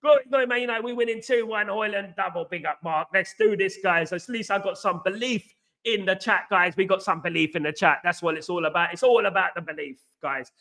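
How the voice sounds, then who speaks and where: Speaking briskly, a football-loving livestream host gets fired up and rambles with passion as he answers his chat. His voice sits high for a man, bright and forceful.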